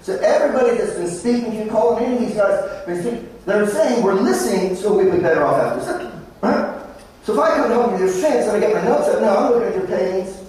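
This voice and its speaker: High-voiced Australian man, echoey hall. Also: lively intonation, quick pace, a little mellow, recorded from a distance. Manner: anecdotal, jokey storytelling. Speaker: conference speaker. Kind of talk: motivational presentation. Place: large conference hall.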